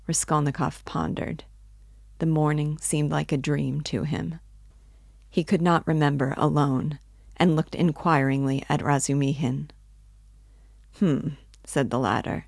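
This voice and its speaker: Woman reader with a low voice, dry close mic; expressive audiobook narration of a classic novel. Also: unhurried, vocal fry, husky, dry recording. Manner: expressive, voices characters' inner speech. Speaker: reader and literature teacher. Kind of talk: dramatic audiobook reading.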